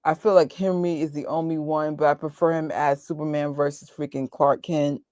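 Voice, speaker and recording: A woman's voice: sits low, steady tone, a little fast, a little mellow, no echo, studio quality. A woman hosting a live movie watch party, ranting emotionally in outbursts and joking with frequent laughs. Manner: emotional and exclaiming, rants in outbursts. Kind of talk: live movie reaction chat.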